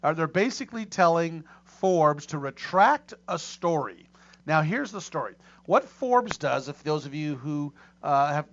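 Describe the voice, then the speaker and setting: A middle-aged man hosts a casual talk show in a slightly high voice, rambling and restarting his sentences. The audio is dull and lo-fi. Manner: rambling, many restarts and fillers. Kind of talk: casual chat.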